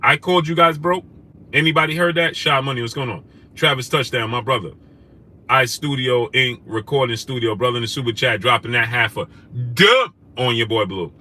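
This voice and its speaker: Reading out comments during his livestream, this man speaks at a fairly quick pace in a medium-pitched voice. He welcomes viewers in chat by name but turns combative with their remarks, escalating into loud, indignant questions.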